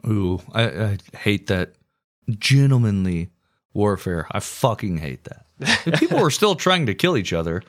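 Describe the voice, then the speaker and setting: Man, lowish voice, profane casual history podcast storyteller. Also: big pitch swings, unhurried. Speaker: podcast host telling history.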